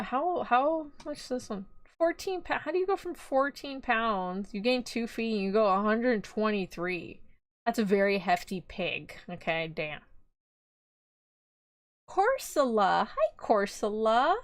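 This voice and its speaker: A woman's voice: on the high side, dry recording. A young woman, chatting and giggling casually on a live stream. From Texas. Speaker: VTuber streamer.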